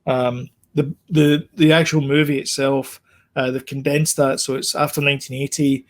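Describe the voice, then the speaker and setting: A man's voice: mid-range voice, little pitch movement. A man co-hosting a podcast in casual chat, rambling with lots of ums. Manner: rambling, fills pauses with ums. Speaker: podcast co-host.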